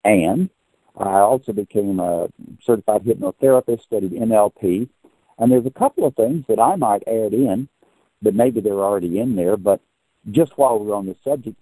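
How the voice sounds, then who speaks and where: An older man hosts the conversation in a deep-toned, mellow, husky voice. He talks in a long-winded, folksy way and explains things patiently. The sound is dry and close. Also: fairly quick, dry recording, rough recording. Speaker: podcast host. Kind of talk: conversational interview.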